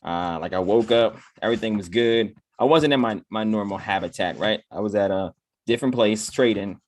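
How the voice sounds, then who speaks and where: In a casual motivational talk, a man keeps adding "right?" after almost every point and acts out his inner voice as quoted lines. He's a motivational speaker with a lowish voice and a brisk pace.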